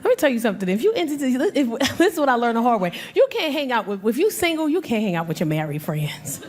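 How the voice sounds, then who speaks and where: A woman doing stand-up comedy on a club stage, brash and animated, acting out voices and working the crowd. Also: on the high side, fast talker. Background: audience laughter.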